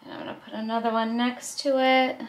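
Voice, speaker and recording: A woman's voice: a little high, flat delivery, brisk. A woman hosting a casual craft video, narrating each step as she works, chatty with small laughs. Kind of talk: casual craft tutorial voice-over.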